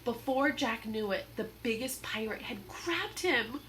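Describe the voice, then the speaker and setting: A woman reading a children's book aloud in an expressive, dramatic storytelling manner. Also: a little high, unhurried, a little hiss or hum. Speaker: storybook reader.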